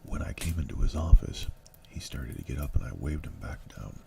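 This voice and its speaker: A man reading a novel aloud in a low, unhurried ASMR audiobook style, sometimes dropping to a breathy near-whisper. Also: far from the mic, very noisy. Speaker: ASMR channel reader. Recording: steady keyboard clicks behind.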